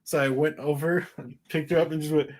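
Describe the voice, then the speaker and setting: Laughing man telling animated stories. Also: on the high side, brisk. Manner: animated storyteller, laughs often, acts out quotes. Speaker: podcast co-host. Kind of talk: casual chat.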